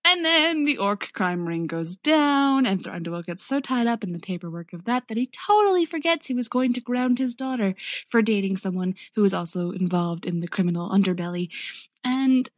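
Woman in casual storytelling mode, chatty and animated asides, medium pitch, dry recording. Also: no room sound. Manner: chatty, voices characters in quick quoted asides. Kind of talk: casual fan-fiction plot retelling.

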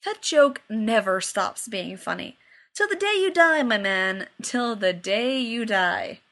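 A woman's voice: on the high side, animated, fairly quick. A woman reading aloud and voicing a cocky, crude young man who teases his friend. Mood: mocking. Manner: loud, mocking, swearing freely.

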